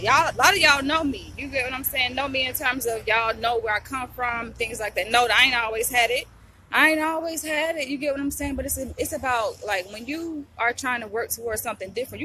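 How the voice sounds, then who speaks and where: A woman's voice: sits high, sharp tone, a little hiss or hum. A young woman, vlogging to camera in a blunt, preachy way, often asking if you get what she's saying. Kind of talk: casual talk to camera.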